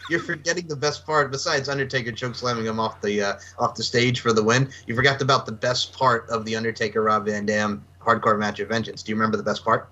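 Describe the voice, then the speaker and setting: A man co-hosting a wrestling podcast in casual chat, telling stories in an excitable way. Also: medium pitch, quick pace, hardly any pauses, muffled recording, slight background noise. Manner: animated, excitable storyteller. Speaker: podcast co-host.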